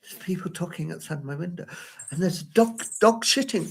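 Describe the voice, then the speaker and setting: A man's voice: high-pitched, expressive, normal speed. A man giving a live solo performance at home, rambling and flustered as he talks to himself. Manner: rambling, flustered self-talk. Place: at home by a window.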